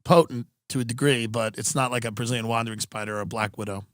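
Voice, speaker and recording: A man's voice: medium pitch, fairly even intonation, fast, fairly bright tone, no echo, studio quality. A man with a rambling, wry delivery, hosting a podcast and telling a comic story. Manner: rambling, wry, acts out quoted voices. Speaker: podcast host. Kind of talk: comedic storytelling.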